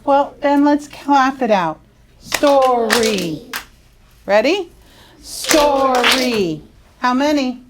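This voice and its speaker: A woman teaching young students phonics in a school classroom, drawing words out slowly and asking coaxing questions. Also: sits high, very noisy. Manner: slow, drawn-out, coaxing questions.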